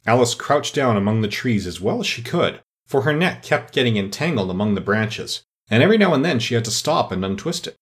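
Male storybook narrator, mid pitch, very animated and expressive reading. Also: a little fast, hardly any pauses, breathy edge.

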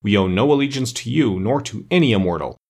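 A man's voice: on the low side, animated, quick pace. A man voicing a furious, defiant king of evil creatures in a storybook reading. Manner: angry, defiant, shouting.

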